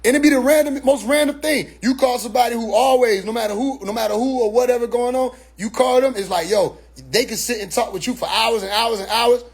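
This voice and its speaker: A man speaking in a casual, animated monologue on his own stream, repeating words as he restarts his sentences. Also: extremely high pitch, a little fast, few pauses, slightly rough.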